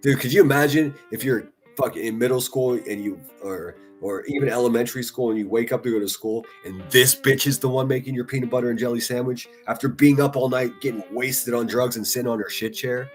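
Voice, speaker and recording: A man's voice: medium pitch, fairly quick, hardly any pauses, faint music behind. A man giving profane, taunting live-stream commentary, laughing often as he mocks. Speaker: livestream commentator.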